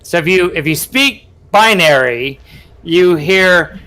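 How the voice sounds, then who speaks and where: A man's voice: high-pitched, lively intonation, slow pace, pushed and bright. A man running a tabletop role-playing game as game master, checking rules and narrating scenes.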